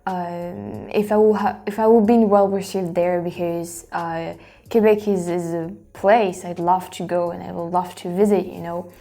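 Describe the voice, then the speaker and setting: This YouTube reaction-video host is a native French speaker from France whose English carries a French accent. Her voice sits fairly low, gravelly and dark, with a steady tone at a normal speed, and she rambles casually, full of fillers and false starts.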